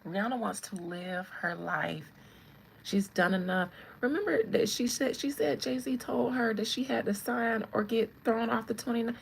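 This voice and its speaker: A woman hosting her channel, giving casual, animated celebrity commentary, laughing often and talking straight to her viewers. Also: on the high side, normal speed, gravelly, slight background noise, low-quality recording. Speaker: channel host.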